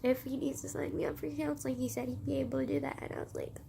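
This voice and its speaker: A woman's voice: sits high, flat delivery, fast, gravelly, mellow, a little hiss or hum. A woman vlogger talking in an emotional confessional, teary and laughing through tears, rambling with constant fillers.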